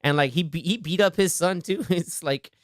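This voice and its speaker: A man's voice: a little high, normal speed, dry recording. A man hosting a casual movie podcast, talking with animation and acting out scenes in quoted voices on a studio mic. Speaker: podcast host.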